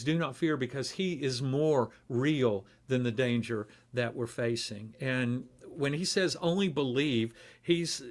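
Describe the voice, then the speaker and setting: A man giving a relaxed, conversational devotional talk in a church, with frequent pauses and fillers. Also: mid-range voice.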